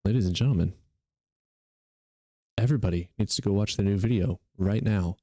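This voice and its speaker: A man's voice: fairly low pitch, fairly quick, long pauses, mellow, no echo, clean studio sound. A young man streaming live, joking and teasing his viewers in casual chat. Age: young adult.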